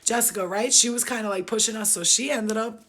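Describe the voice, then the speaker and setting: A woman's voice: a little high, fairly quick, a bit bright. A woman telling her life story on a live stream in a blunt, emphatic, profane way. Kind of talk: casual unscripted storytelling.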